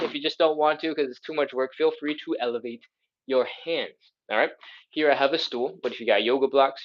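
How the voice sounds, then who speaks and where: A man's voice: mid-range voice, dull audio. Upbeat man leading a live stretch class. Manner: upbeat, chatty, playful exclamations. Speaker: stretching instructor. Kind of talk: live follow-along workout instruction.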